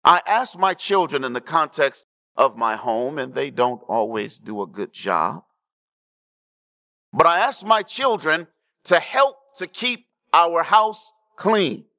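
A man preaching a sermon, checking in with the congregation and swinging between hushed low lines and raised emphatic ones. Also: big pitch swings, slow. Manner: preaching with call-and-response asides to the congregation. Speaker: pastor.

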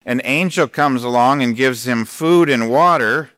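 Slow, deliberate male pastor preaching. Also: medium pitch, fairly bright tone, no echo, clean studio sound. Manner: deliberate, emphatic, slowing for scripture readings. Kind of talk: sermon.

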